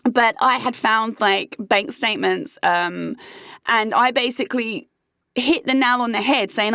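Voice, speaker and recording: A woman's voice: on the high side, lively intonation, unhurried, fairly bright tone, no echo, clean studio sound. A young British woman giving candid, sweary personal advice in a conversational vlog. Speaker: vlogger.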